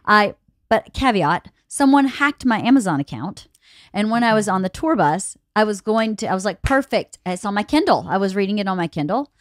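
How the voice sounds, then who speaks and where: A woman's voice: mid-range voice, lively intonation, brisk, dry recording, clean studio sound. A woman hosting a podcast, telling a long exasperated story in casual chat with friends. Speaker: podcast host.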